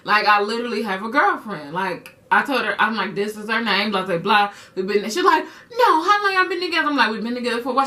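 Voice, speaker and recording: A young woman vlogger telling a personal story in casual chat, animated and acting out quotes in a high voice, slightly off-mic. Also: moderate pace, far from the mic.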